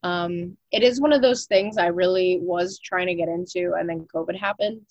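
Chatty young woman, lowish voice. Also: moderate pace, darkish tone, no echo, muffled recording. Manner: chatty, frequent "like" fillers, swears casually. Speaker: podcast co-host. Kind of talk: casual chat.

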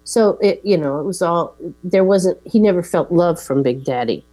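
A woman's voice: on the low side, animated, moderate pace, mellow. A woman in casual chat, steadily recapping a film's plot with fillers and quoting its lines. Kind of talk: casual chat retelling a film.

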